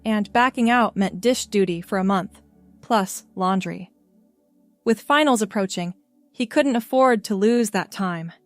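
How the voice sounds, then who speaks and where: Brief: woman storyteller, mid pitch, steady read, dry close sound, faint music. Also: measured pace, dry recording. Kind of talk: scripted narration.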